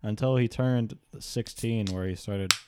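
A man's voice: on the low side, a little slow, background noise. A young man chatting casually on a podcast with dry humor. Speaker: podcast co-host. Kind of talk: casual chat.

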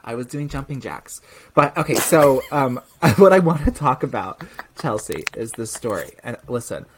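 A young man's medium-pitched voice comes at normal speed over a little hiss or hum. As a podcast co-host in casual talk, he narrates a story vividly and plays out its characters' voices.

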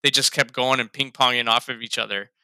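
A man's voice: mid-range voice, steady tone, fast talker, sharp tone, smooth, no echo, studio quality. A man in casual chat about a film, laughing a lot, swearing freely and acting out lines he liked. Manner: laughing, profane, quotes lines in raised voices. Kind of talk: casual movie review chat.

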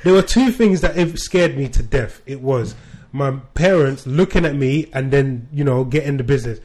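A young man who works in IT, recalling his childhood with lively laughter in a casual chat. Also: medium pitch, normal speed. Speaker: IT worker.

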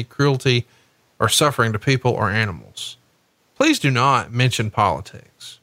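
A man's voice: mid-range voice, sharp tone, dry recording. A man co-hosting a podcast in casual chat, profane and wisecracking, reading rules in a mock-formal tone. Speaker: podcast co-host.

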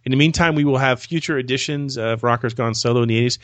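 A man hosts a relaxed podcast chat, easygoing and a bit rambling. He often restarts his sentences with repeated words. His voice sits in an ordinary middle pitch, recorded close and dry. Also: fast, no echo. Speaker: podcast host.

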